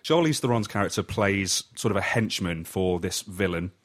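A man's voice: sits low, expressive, normal speed. A man hosting a casual film review chat, leading the talk and summing up the plot. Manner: leads the talk, summarizes plots. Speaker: podcast host.

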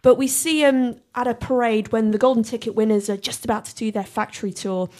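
A woman's voice: a little high, fairly quick. A woman co-hosting a casual podcast, telling film stories with lots of giggles. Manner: giggly, storytelling, expressive. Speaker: podcast co-host.

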